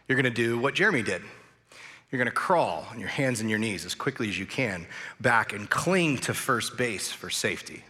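A man preaching a sermon as pastor, telling a story in a relaxed, conversational way with frequent fillers. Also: medium pitch. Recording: long church hall reverb.

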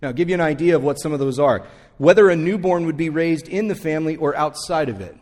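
A man's voice: on the high side, fast, darkish tone. A male pastor preaching a sermon, talking straight to the congregation and repeating key phrases for emphasis. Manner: conversational, speaks straight to the congregation. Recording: long church reverb.

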